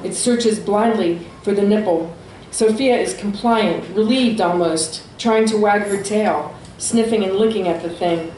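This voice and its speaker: A woman reading her own fiction aloud at a small venue, with steady, expressive storytelling. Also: medium pitch, a little slow, roomy sound, slight background noise, low-quality recording. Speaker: author.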